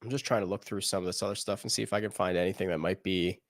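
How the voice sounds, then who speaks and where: A man co-hosting a podcast, talking through golf betting picks in a rambling, animated way with laughs in between. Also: low voice, racing, no room sound, clean studio sound. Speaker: podcast co-host. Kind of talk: casual golf betting chat.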